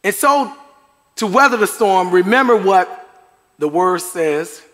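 A man's voice: high-pitched, lively intonation, unhurried, pauses often, a bit bright. A middle-aged man preaching a sermon to a congregation, chatty and conversational, with chuckles and asides. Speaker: pastor. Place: church sanctuary. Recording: long hall reverb.

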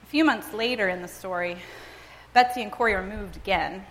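A woman reading a first-person story aloud in a measured, dramatic storytelling manner. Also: medium pitch, a bit bright. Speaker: reader and speaker. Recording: long reverb, as in a large hall.

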